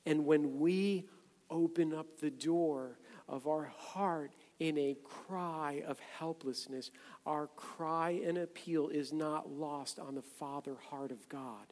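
A man preaching a sermon as a pastor, conversational and then loud and emphatic. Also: on the high side, fairly even intonation, slow. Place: church sanctuary. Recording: echoey hall, long reverb.

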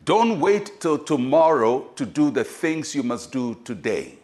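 An older man, a pastor, giving a devotional sermon in an animated preaching manner and acting out quoted voices. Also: medium pitch, a little slow.

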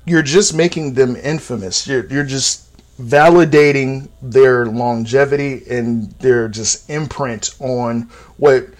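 A man's voice: medium pitch, slow. Blunt, opinionated man in his thirties. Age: 30s. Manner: voice jumps up sharply for emphasis. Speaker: podcast host. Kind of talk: casual solo podcast monologue.

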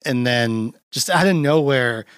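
A man hosting a podcast, chatting loosely about a film and jumping into quoted lines in a higher voice. His pitch sits at an ordinary middle, and the sound is dry and close, with little room around it. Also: measured pace, fairly bright tone, dry recording. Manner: loose and rambling, acts out quotes in a raised voice. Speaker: podcast host. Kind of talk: casual chat recapping a film.

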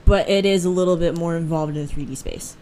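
This young podcast co-host speaks fast in a voice on the low side, with a little hiss or hum in the audio. She chats casually, telling stories animatedly, laughing frequently and acting out voices.

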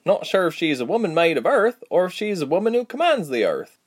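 A man's voice: sits high, big pitch swings, brisk, slightly rough, pitched above the performer's own voice, heavily acted. An easygoing young villager, as a male narrator puts him on, explaining local lore in a plain, shrugging way. The voice sits a little above the narrator's own and rises into the lines. It belongs to a storybook reading. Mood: matter-of-fact.

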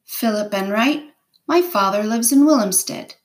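A woman's voice: on the high side, expressive, unhurried, voice pushed up. A woman voicing a polite, weary young boy who is a blind castaway, read aloud from a storybook in an earnest, plain manner.

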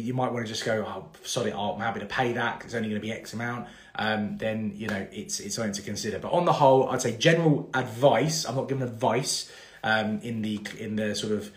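Chatty man in his thirties, echoey room. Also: lowish voice. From England. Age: 30s. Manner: chatty, rambling, many fillers and restarts. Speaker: mortgage broker hosting a live Q&A. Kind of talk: casual live-stream Q&A.

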